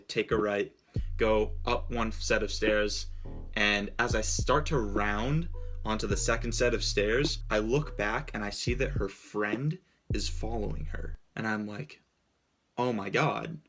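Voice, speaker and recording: A young man from Cape Cod telling a casual story-time tale, animated and full of "like", acting out what people said. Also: lowish voice. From Cape Cod, Massachusetts. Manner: animated, quotes people in his story, heavy use of "like". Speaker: storyteller vlogger.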